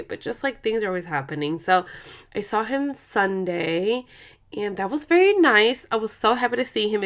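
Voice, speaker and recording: A woman's voice: mid-range voice, a bit bright. A woman, hosting a vlog in casual chat, rambling and swearing freely as she tells stories. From Oakland, California. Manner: rambling, profane, slangy storytelling. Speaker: vlog host.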